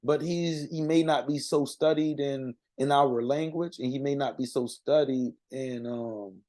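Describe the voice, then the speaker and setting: A man speaking in an unscripted monologue to his community, earnest and halting, with frequent restarts and fillers. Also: medium pitch, steady tone, mellow.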